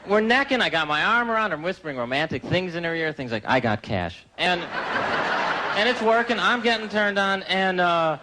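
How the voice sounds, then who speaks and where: A man doing stand-up on a live stage, conversational and self-deprecating, with quick asides to the audience. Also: high-pitched. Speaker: stand-up comedian. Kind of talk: stand-up comedy. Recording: 1980s live comedy special, loud crowd laughter and noise. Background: audience laughter.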